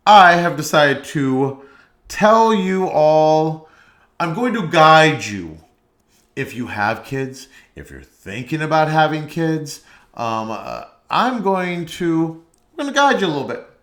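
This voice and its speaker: A man in a comedic podcast rant, blunt and heavily profane, dragging his words out slowly. His voice sits fairly high for a man and bounces through hesitant ums. The room around him is echoey. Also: very animated, a bit bright. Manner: profane, blunt, mock-advice; drawn-out hesitant fillers. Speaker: podcast host. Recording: roomy echo.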